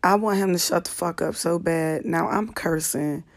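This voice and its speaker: A woman comedian and podcast host with a low, slightly manly voice, chatting and venting profanely while lying in bed in the dark on a phone. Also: normal speed. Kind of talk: casual late-night live chat. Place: bedroom in apartment at night, lying in the dark.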